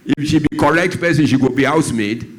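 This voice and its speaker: A Nigerian man, a doctor who speaks on drug abuse, gives a church talk. He tells stories and acts out the voices of the people in them. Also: fairly quick. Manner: storytelling, acts out dialogue, shifts pitch a lot.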